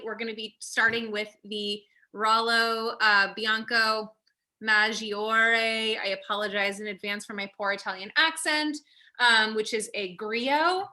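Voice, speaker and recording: A woman's voice: on the high side, bright, forceful tone. A young woman casually hosting an online wine tasting over a video call, chatty and upbeat with lots of fillers.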